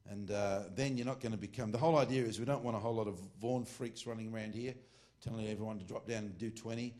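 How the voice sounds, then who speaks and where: A man's voice: fairly low pitch, fairly even intonation, fast, darkish tone. A middle-aged Australian man preaching an informal sermon to a ministry class, rambling, joking and correcting himself as he goes. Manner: rambling and joking, with frequent asides and self-corrections.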